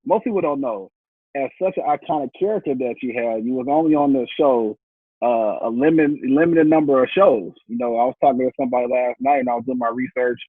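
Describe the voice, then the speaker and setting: A man's voice: mid-range voice, brisk, husky, dry recording. A man hosting a podcast, asking questions in a conversational way and laughing often. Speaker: podcast host. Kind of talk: casual interview. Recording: tinny phone-like line, dry.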